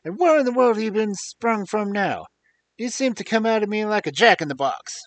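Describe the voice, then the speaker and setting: A man reading aloud and voicing a bewildered police inspector who speaks loudly and angrily. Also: high-pitched, lively intonation, normal speed, pitched above the performer's own voice. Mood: exasperated. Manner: loud, exasperated, angry.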